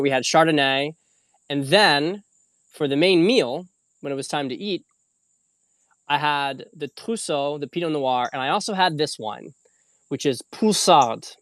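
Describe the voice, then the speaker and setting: A man's voice: medium pitch, fairly bright tone, clear, resonant tone, no echo. A man hosting a casual livestream, rambling loosely with frequent fillers and the odd swear word. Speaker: host.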